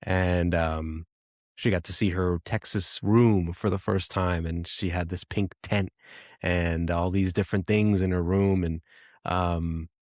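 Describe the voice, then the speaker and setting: Low-voiced man telling a reflective personal story. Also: fairly even intonation, darkish tone, no room sound, clean studio sound. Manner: reflective, halting, with frequent restarts. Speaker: podcast host.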